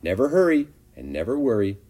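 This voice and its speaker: A man reading a storybook aloud, voicing a calm, wise female spider who is soothing and gently firm. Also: lowish voice, fairly quick.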